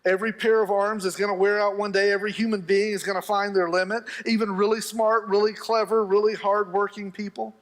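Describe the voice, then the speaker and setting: High-voiced pastor telling stories with humor. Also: male voice, level tone, fairly quick, few pauses. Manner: humorous storytelling, acts out quoted voices. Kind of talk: sermon. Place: church sanctuary.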